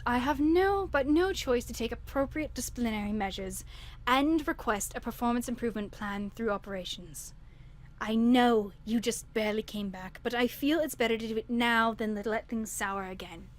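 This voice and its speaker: A woman's voice: a little high, moderate pace, close to an everyday voice. A woman reading as a stern woman manager.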